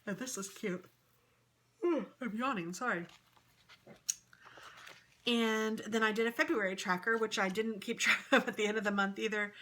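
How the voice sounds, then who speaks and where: Chatty woman with a bright voice. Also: lowish voice, a little hiss or hum. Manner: chatty, rambling, upbeat. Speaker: crafting vlogger. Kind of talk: casual planner flip-through chat.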